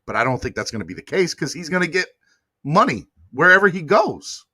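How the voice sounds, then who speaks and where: Male podcast host, casual slangy sports chatter, bright tone, dry close sound. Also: mid-range voice, fairly quick, dry recording. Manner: animated, slangy, begs viewers for likes. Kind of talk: casual sports talk livestream.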